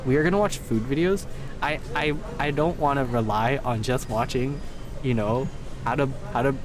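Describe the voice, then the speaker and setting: A man's voice: medium pitch, normal speed, over music. A man chatting casually on a live stream, rambling through a story with lots of swearing and restarts.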